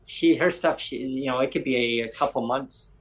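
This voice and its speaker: A man chats his way through a long, rambling story, stopping to act out what others said and restarting his sentences as he goes. His voice sits at an ordinary middle pitch, neither high nor low. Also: normal speed, background noise. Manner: rambling anecdote teller with voiced quotes and self-corrections. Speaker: podcast host. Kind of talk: casual storytelling chat.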